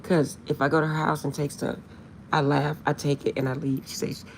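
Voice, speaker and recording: A woman's voice: sits low, little pitch movement, brisk, vocal fry, a little hiss or hum. A woman vlogger chatting casually to her viewers, telling a funny story with lots of laughter and insisting she is serious.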